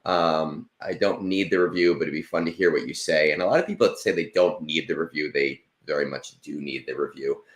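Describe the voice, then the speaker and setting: A man's voice: a bass voice, fairly quick, hardly any pauses, roomy sound. A man in his late thirties hosting a casual livestream, rambling and self-deprecating, with lots of fillers. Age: 30s. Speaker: stream host.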